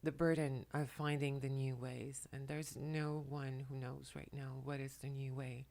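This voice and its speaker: A tearful woman at home, speaking to the camera in a soft, halting way while relaying messages, often dropping to a whisper. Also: very deep voice, level tone, gravelly. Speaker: spiritual channeler and makeup vlogger. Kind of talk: emotional channeling talk to camera. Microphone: camera mic, speaking to the camera.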